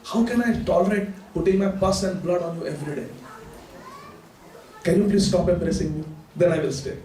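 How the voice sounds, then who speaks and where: A man voicing a humble male ascetic who pleads softly and self-effacingly, heard in an echoey temple hall from some distance. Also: sits high, fairly quick, a little hiss or hum, voice pushed down, close to an everyday voice. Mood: pleading.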